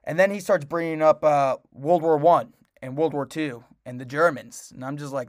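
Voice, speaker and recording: A man's voice: a little high, fairly quick, few pauses, no echo, studio quality. A young man co-hosting a casual podcast, telling a long story in a rambling way with lots of restarts. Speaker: podcast co-host. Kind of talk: casual chat.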